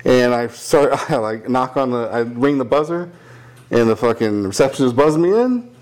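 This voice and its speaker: A man's voice: medium pitch, normal speed. A young man telling a long story in casual chat, swearing freely and acting out the people in it. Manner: profane, animated, quotes people in voices. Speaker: podcast co-host telling a story.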